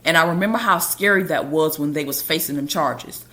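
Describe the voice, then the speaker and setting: Female podcast host, lower register, casual storytime delivery. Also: a little fast, pushed and bright. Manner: casual and conversational, with loose colloquial grammar.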